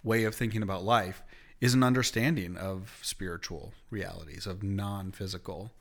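A man's voice: low voice, fairly even intonation, normal speed. A man in casual conversation, explaining ideas earnestly and eagerly with lots of fillers. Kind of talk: casual chat.

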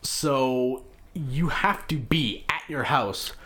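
A man in casual chat, relaxed and agreeable, chiming in often. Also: medium pitch, slow pace, over a noisy crowd. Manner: relaxed, agreeable, lots of backchannels.

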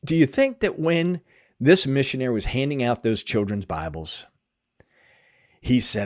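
A man's voice: mid-range voice, big pitch swings, unhurried, darkish tone. A man hosting a faith podcast, telling a story earnestly and acting out what people said. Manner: earnest, emotional, acts out quotes. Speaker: podcast host.

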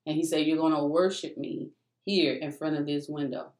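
A low-pitched woman's voice, at a moderate pace, relates her own faith testimony. The delivery is casual storytelling, animated and emphatic, with frequent calls to the audience as "y'all," all in an echoey room.

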